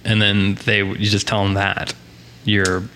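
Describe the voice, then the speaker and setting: A man's voice: lowish voice, flat delivery, unhurried, sharp tone, a little hiss or hum. A man hosting a casual podcast, joking and swearing offhandedly. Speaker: podcast host.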